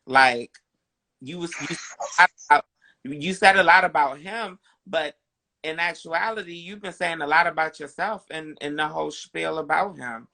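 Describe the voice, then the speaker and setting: A man hosting a live chat show, giving supportive advice in an affirming, drawn-out way with sassy slang. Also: on the high side, creaky, pushed and bright. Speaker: host.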